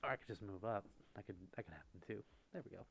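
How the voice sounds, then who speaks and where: Talking fast, with vocal fry and a husky, slightly low voice, a man hosts a relaxed ASMR livestream close to the mic. Each viewer message he reads aloud gets a gentle reply.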